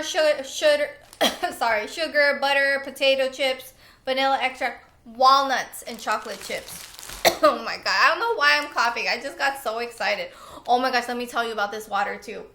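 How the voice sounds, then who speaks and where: Bright-voiced chatty young woman vlogging. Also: sits high. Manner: chatty and excitable, laughs often. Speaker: lifestyle vlogger. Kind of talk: casual favorites chat. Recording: echoey room.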